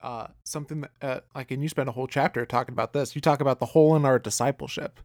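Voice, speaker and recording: A man's voice: medium pitch, steady tone, fast, a little mellow, no room sound, studio quality. A male podcast host asking interview questions hesitantly, with many ums and restarts.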